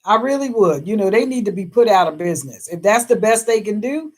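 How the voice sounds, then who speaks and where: A woman chats casually on a live stream, reading out viewer comments. She talks emphatically, laughs often, and her voice sits at an ordinary middle pitch. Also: animated, fairly quick.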